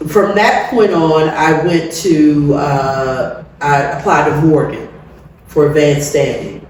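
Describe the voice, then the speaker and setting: Candid middle-aged woman in an echoey room. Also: sits low. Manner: animated, candid, laughs often. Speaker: interview guest. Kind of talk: personal storytelling. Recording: very echoey room, distant mic, faint noise.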